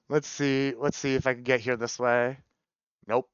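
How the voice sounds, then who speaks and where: A man chatting on a live stream, excitable, swearing and repeating words in quick runs. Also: mid-range voice, smooth, no room sound. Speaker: variety streamer. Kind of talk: casual live stream chat. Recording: dull lo-fi stream audio.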